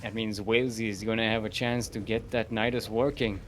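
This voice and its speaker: A man's voice: lowish voice, steady tone, a little fast, fairly bright tone, slight background noise. A man casting a live esports match as play-by-play commentator, playful and giggly, joking between calls. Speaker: esports caster.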